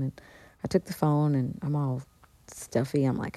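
A woman with a strikingly low, warm voice tells a personal story as a radio interview guest. She talks in an animated way, slipping into the voices of the people she quotes. The studio sound is close and dry. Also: normal speed, no room sound.

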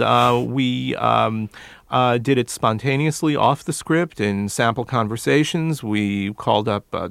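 A man's voice: medium pitch, creaky, fairly bright tone, clean tone, dry recording, studio quality. A man answering interview questions as a dialect coach, explaining his work in detail.

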